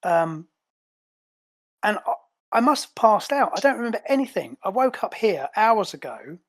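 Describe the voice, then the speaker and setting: A man voicing a flustered female superhero agent, talking fast and indignant in a raised voice. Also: sits high, big pitch swings, fairly bright tone, pitched above the performer's own voice, heavily acted. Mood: indignant exasperated.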